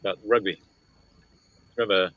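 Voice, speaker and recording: A man's voice: low-pitched, steady tone, normal speed, no echo, phone-quality sound. A man being interviewed as an actor on a video call, hesitant and searching for his words. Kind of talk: casual interview chat.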